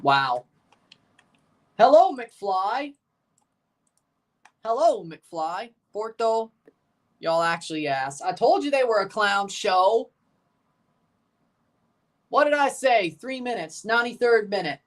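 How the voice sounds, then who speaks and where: This animated streamer has a high, fairly bright voice and a measured pace broken by long pauses. He casually comments on a live football match, calling the play and answering viewers, and becomes nervous near the end.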